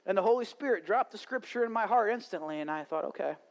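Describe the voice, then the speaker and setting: A pastor delivers a sermon at a live church service, moving from storytelling into fervent preaching. His voice sits notably high for a man. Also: animated, fast.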